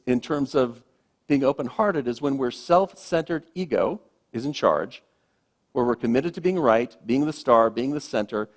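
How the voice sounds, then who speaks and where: A man who is a minister, giving a sermon in a gentle, reflective way, letting phrases trail off softly. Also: fairly high pitch.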